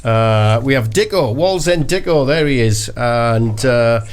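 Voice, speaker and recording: A man's voice: mid-range voice, expressive, unhurried, a little hiss or hum. A man hosting a football podcast, chatty and enthusiastic, with plenty of fillers. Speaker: podcast host. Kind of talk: casual football chat.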